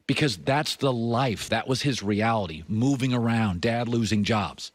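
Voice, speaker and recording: A middle-aged man hosting a sports talk show, delivering an opinionated monologue with emphatic swings between punchy high lines and low, confiding asides. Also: a little slow, dry recording.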